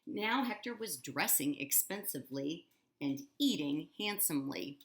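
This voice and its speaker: A woman's voice: low voice, animated, measured pace. A woman reading a children's book aloud expressively, adding casual asides to her listeners. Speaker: storyteller.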